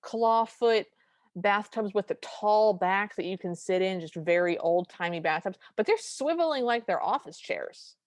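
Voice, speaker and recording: A woman's voice: mid-range voice, animated, measured pace, dry recording. A woman co-hosting a podcast, chatting casually and enthusiastically while recapping a film scene by scene. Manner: enthusiastic, retells scenes with acted quotes. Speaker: podcast co-host.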